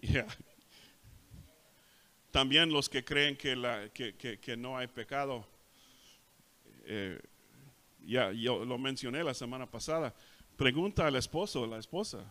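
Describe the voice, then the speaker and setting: A middle-aged pastor preaching a sermon in a church, switching languages and telling stories with animated acted-out voices. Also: medium pitch, moderate pace, long pauses. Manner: animated storytelling, acts out voices. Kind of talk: bilingual sermon, self-translating. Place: church sanctuary.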